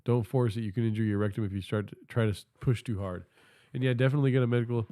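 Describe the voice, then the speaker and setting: A man's voice: mid-range voice, fairly even intonation, racing, dark tone, no room sound. A text-to-speech male voice reading polite, careful assistant replies full of advice. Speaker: AI chat assistant.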